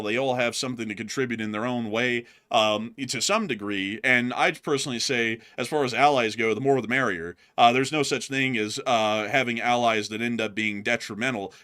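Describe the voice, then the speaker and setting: A man's voice: mid-range voice, brisk, few pauses, bright, forceful tone. A man from the United States co-hosting a livestream, chatting in a rambling, emphatic way. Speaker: news channel co-host. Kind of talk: casual livestream chat.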